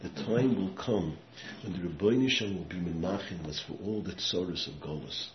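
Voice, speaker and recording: A man with a very low voice delivers a sermon built around stories, sinking to a hush and then surging into loud, emphatic bursts. He mixes Yiddish and Hebrew words into his talk. The recording is echoey and muffled, with a faint hiss behind it. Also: fairly quick. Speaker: rabbi giving a talk. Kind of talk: sermon with storytelling. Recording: echoey room, muffled sound, faint background noise.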